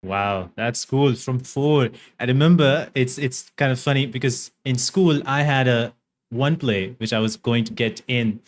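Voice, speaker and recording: A man hosts a podcast interview, speaking in an easygoing way that often stalls on fillers and restarts. His voice sits at a middle pitch for a man. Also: unhurried. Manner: easygoing, hesitant talk with many fillers. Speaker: podcast host.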